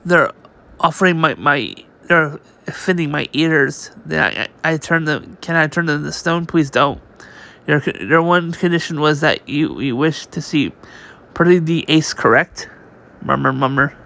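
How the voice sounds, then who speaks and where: This man's gravelly voice sits on the high side, bright and forceful, and he takes his time. He's reading a comic on his channel, loose and unrefined, restarting frequently and reading the sound effects out loud.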